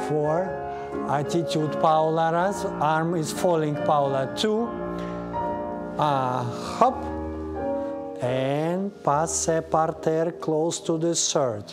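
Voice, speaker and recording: A ballet teacher, a native Russian speaker with a Russian accent, counting beats and correcting students by name during a class in a studio. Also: medium pitch. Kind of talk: live ballet class instruction. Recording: class music playing behind. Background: piano accompaniment.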